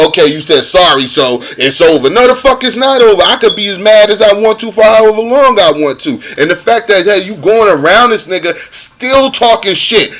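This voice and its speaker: A man's voice: high voice, sharp tone. A man delivering a heated, profane rant as a vlogger, repeating himself for emphasis. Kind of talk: angry rant to camera.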